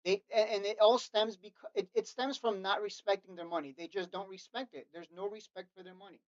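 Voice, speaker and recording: A man's voice: sits high, fairly even intonation, a little fast, no room sound. A man coaching stock traders in a casual monologue, preachy and mocking, repeating himself and restarting sentences. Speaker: trading coach and channel host. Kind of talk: casual ranting video monologue. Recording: dull, slightly lo-fi dry recording.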